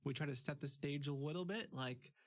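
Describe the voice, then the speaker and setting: A man's voice: fairly high pitch, a little fast. A man hosting a live stream, chatting loosely and laughing often. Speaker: streamer host. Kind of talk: casual chat.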